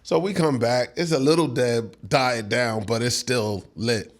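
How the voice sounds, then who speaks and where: A middle-aged man tells a story in a casual interview. His pitch sits in the middle range, and he laughs often and acts out what other people said. He talks loose and easy, like he is reliving the moment. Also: measured pace. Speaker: songwriter guest.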